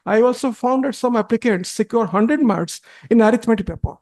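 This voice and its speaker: A man arguing a case before a judge, halting and deferential, with many restarts and repeated "my lords.". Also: very high voice, darkish tone. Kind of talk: courtroom argument.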